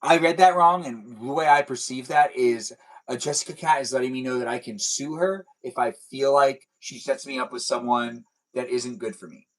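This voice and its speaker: A man's voice: medium pitch, normal speed, rough recording. A young man hosting a casual livestream, chatting and joking in a rambling, self-deprecating way as he answers viewers. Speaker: livestream host. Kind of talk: casual chat reading viewer comments.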